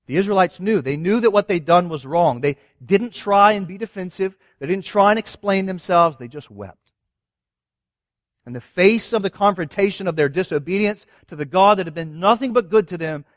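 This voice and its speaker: A man's voice: high voice, animated, normal speed, no room sound, clean studio sound. A man preaching a sermon, reading scripture and asking his listeners earnest rhetorical questions. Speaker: pastor.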